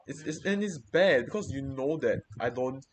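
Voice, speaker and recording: A man's voice: mid-range voice, expressive, moderate pace. A young man venting in casual chat, swearing freely and rambling through many restarts and repeated words.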